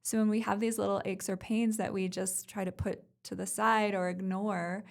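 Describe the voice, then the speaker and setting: A woman hosting a podcast, telling a personal story in a chatty way and often cutting in with quick affirmations. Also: medium pitch, little pitch movement, vocal fry. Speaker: podcast host. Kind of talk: casual conversational podcast.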